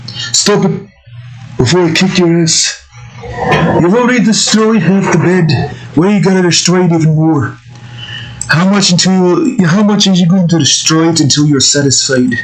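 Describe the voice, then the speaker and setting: A man's voice: sits high, normal speed, background noise, pitched above the performer's own voice, natural voice. A man putting on an accented voice to scold a pet with crude insults.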